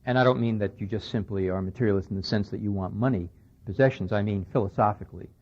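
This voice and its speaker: A man's voice: on the low side, fast, a little mellow. Guy lecturing, chatty but emphatic, kinda muffled old radio tape sound. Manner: conversational, recounting dialogue, emphatic. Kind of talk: recorded lecture. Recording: dull lo-fi 1990s radio recording.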